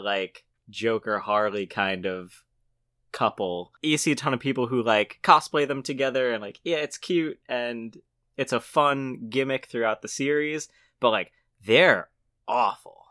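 A man's voice: mid-range voice, unhurried, dry recording, studio quality. A man co-hosting a podcast, talking casually and analytically about horror films. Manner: relaxed, analytical, frequent "like". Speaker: podcast co-host.

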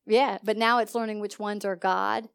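A woman pastor teaching a sermon to her congregation in an animated, conversational way, often putting questions to the listeners. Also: medium pitch, moderate pace, gravelly, clear, resonant tone. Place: church service.

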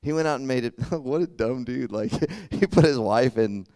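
Casual young male preacher, smooth voice. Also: mid-range voice, animated, normal speed, darkish tone, no room sound, studio quality. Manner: conversational, filler-heavy, often asks "does that make sense?". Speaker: youth pastor. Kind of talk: casual sermon.

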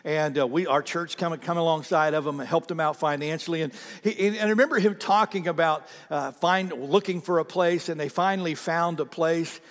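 A man preaching a sermon to his congregation with great passion, swinging from near-shouts down to quiet, intimate asides. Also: a little high, a little fast, in a large hall. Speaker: pastor. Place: church sanctuary.

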